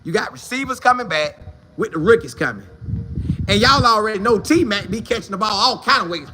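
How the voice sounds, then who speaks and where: A man hosting a sports talk show, chatting casually and answering viewer comments in a slangy, repetitive, animated way. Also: high voice, a little fast, background noise.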